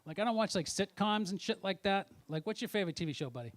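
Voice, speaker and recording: A man's voice: high voice, lively intonation, fast, no room sound. Brash, profane stand-up comic man. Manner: profane, brash, teasing the audience. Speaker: stand-up comedian. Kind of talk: stand-up set with crowd work. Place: comedy club stage.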